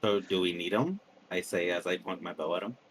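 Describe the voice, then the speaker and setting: A man speaking quietly and offhand as a player in a tabletop game on a voice call. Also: sits low, a little fast, slight background noise, poor audio. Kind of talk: casual tabletop play on a call.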